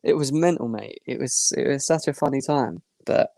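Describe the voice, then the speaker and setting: Gravelly young man telling a story. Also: mid-range voice, moderate pace, dry recording, clean studio sound. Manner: animated, rambling anecdote with restarts. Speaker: podcast guest. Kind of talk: casual storytelling.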